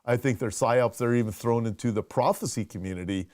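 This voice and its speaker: A pastor hosts a casual conversational show, talking quickly in a mid-range, somewhat dark voice. He keeps restarting his sentences, drops in fillers, and reads out questions from viewers.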